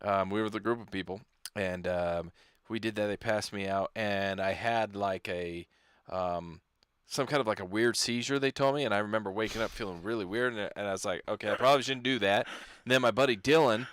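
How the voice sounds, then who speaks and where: A man co-hosting a comedy podcast, talking in a halting way with many restarts. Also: lowish voice, a bit bright, clear, resonant tone, no room sound, clean studio sound. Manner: halting, hesitant, full of restarts. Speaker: podcast co-host. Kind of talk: casual comedy chat.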